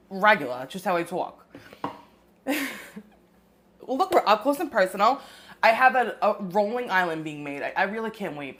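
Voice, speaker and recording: A woman's voice: medium pitch, fairly bright tone. A woman hosting a casual live cooking stream, chatting with viewers and explaining recipes in a rambling, friendly way. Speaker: cooking show host.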